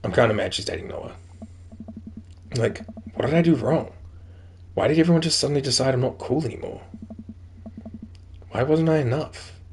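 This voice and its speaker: A man's voice: medium pitch, lively intonation, normal speed, creaky, pauses often. A man voicing an upset teenage girl who feels betrayed by her friends, with a faint hiss behind him. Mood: hurt.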